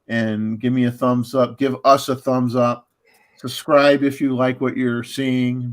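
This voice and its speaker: A man hosting a casual livestream chat, rambling with lots of fillers and restarts and chuckling often. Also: medium pitch. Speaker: livestream host.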